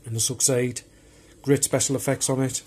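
A man's voice: medium pitch, flat delivery, normal speed, darkish tone, a little hiss or hum. A man casually showing off his film collection on video, chatty and rambling as he talks. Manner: rambling and chatty, loose and unpolished. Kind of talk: casual show-and-tell of home video collection.

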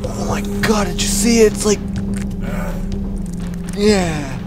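A man doing gaming commentary in an excitable, goofy way, shouting and laughing at what happens on screen. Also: sits high, slow, long pauses, music in the background. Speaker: gamer, channel host.

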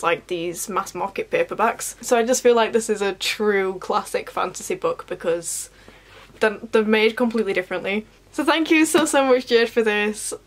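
A chatty woman talks through her new books with easy enthusiasm. She rambles into little asides as she goes, with a voice at an ordinary middle pitch. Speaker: book vlogger. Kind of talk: casual chat.

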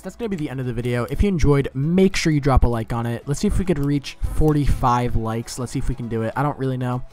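A man's voice: medium pitch, expressive, normal speed, darkish tone, soft background music. A man giving casual gameplay commentary, rambling and swearing freely as he gets flustered.

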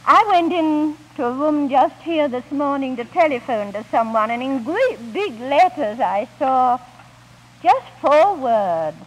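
A woman speaking at a 1950s Christian camp meeting, gently telling homely stories as she ministers, on an old archival recording. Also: sits high, lively intonation, measured pace, rough recording. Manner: gentle storytelling with homely anecdotes. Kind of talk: 1950s recorded devotional talk.

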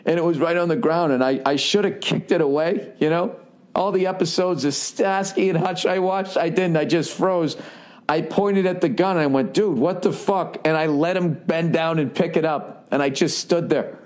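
Profane podcast host ranting comedically. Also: male voice, a little high, normal speed. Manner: profane, animated storytelling with many fillers. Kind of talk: comedic solo podcast rant.

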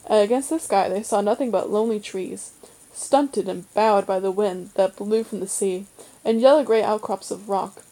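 Woman reader for a children's novel, warm mellow tone, steady measured pace. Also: mid-range voice, low-quality recording. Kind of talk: audiobook reading of a children's novel.

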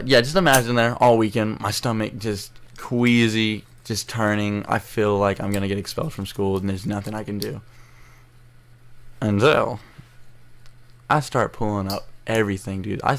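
A teenage boy telling a story to camera in a rambling, emotional way, recorded on an earbud mic at low quality. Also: steady tone, normal speed, vocal fry. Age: teens. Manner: rambling, restarts often, emotional. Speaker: vlogger. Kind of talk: casual storytelling vlog.

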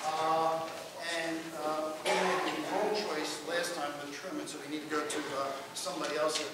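Folksy high-voiced man lecturing in a hall. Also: moderate pace. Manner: folksy, joking, animated storyteller. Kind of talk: public history lecture. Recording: roomy, distant hall recording with noise.

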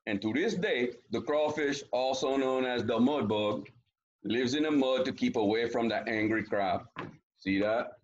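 A man reading a picture book aloud to children, breaking in with lively, chatty asides. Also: mid-range voice, a little slow, lo-fi sound, a little hiss or hum. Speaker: teacher reading a story to children. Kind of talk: storybook read-aloud with asides to kids.

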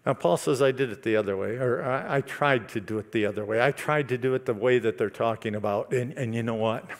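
A male pastor preaching a sermon, building to loud, emphatic declarations. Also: mid-range voice, brisk. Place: church service.

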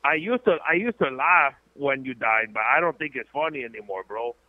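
A man's voice: mid-range voice, animated, normal speed. A man calling in to a comedy stream, chatting in a laid-back way. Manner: laid-back, says bro. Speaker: caller. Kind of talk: casual call-in chat. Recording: tinny phone line.

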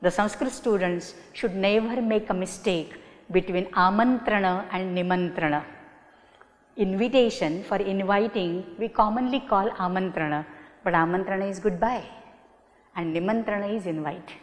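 A woman's voice: medium pitch, moderate pace. A middle-aged woman with an Indian English accent lectures as a professor in a webinar, explaining patiently and asking rhetorical questions. Her speech is full of "you know" and "uh" as she works through each point. The recording carries a long reverb tail. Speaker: Sanskrit professor giving a talk.

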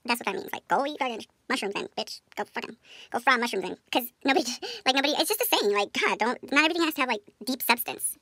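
Sassy, fast-talking young woman vlogger. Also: fairly high pitch, lively intonation, a bit bright, no room sound. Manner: profane, sassy, laughs often. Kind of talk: casual comedic explainer.

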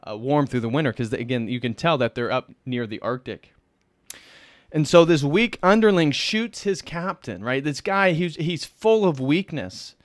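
A man's voice: fairly high pitch, dry recording, clean studio sound. A man hosting a casual livestream film review, earnestly retelling the plot in detail. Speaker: film reviewer, channel host.

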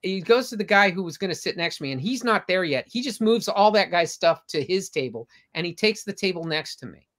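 A man's voice: high-pitched, lively intonation, a little fast, hardly any pauses. An older man, a comic artist guest, telling long anecdotes with frequent restarts in a casual interview. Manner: rambling, warm anecdotes with restarts.

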